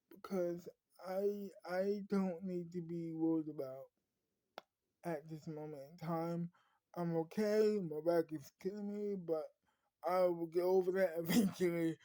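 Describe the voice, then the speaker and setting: A woman's voice: lowish voice, warm tone, dry recording, lightly acted. A woman voicing Randy, an injured man who urges the others to leave, insistent and pleading. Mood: relieved.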